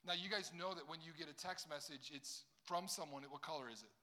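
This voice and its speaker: A man's voice: fairly high pitch, fairly quick, sharp tone. A young adult man preaching a sermon, teaching from scripture and joking directly with a young crowd. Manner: jokey, talks straight to a young crowd. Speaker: pastor.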